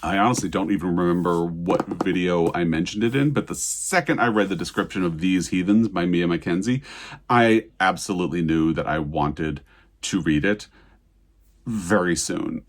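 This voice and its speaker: Low husky-voiced man, lively book talk. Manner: eager, thankful, chatty. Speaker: book vlogger. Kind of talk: casual book haul talk with read-aloud excerpts.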